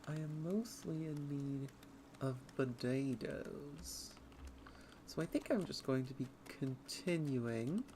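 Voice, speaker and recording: Slow, chatty streamer. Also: mid-range voice, a little hiss or hum. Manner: chatty, nerdy, rambling with giggles. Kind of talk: livestream gameplay commentary.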